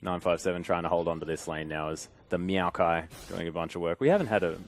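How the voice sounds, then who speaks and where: A man calling an esports match play-by-play, swinging from relaxed chatter to loud, fast calls in big fights. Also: low-pitched, a little hiss or hum. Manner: excitable, rising loud and fast in big plays. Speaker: esports commentator.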